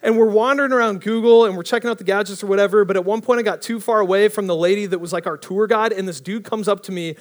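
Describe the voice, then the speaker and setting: A young man preaching a casual storytelling sermon, animated and rambling, often breaking off mid-sentence. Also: high-pitched, fast, hardly any pauses. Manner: animated, rambling, self-interrupting.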